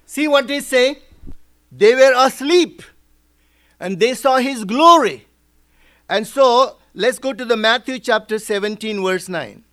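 A man's voice: very high-pitched, measured pace, a bit bright. A man preaching as a pastor, explaining Bible verses step by step and asking rhetorical questions. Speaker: pastor teaching a Bible study. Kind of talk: sermon.

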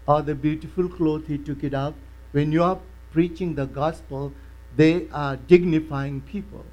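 A man preaching a sermon, emphatic and repetitive, explaining a Bible passage slowly. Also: fairly high pitch, warm tone, rough recording. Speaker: pastor.

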